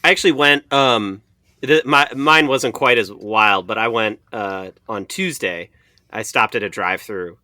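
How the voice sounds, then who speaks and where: A man's voice: fairly low pitch, unhurried, pushed and bright, no room sound, studio quality. A man co-hosting a podcast in casual chat, cutting in with jokes and wisecracks. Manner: wisecracking, joking interjections. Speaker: podcast co-host.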